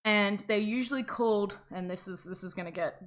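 A young Australian woman co-hosts a podcast, rambling through a casual chat and laughing often. Her voice is medium in pitch and a little fast.

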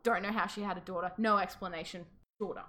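Bright-voiced woman spinning a folk tale. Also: medium pitch, steady tone, fast. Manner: playful, jokey, sarcastic asides. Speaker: podcast co-host. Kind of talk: casual storytelling chat.

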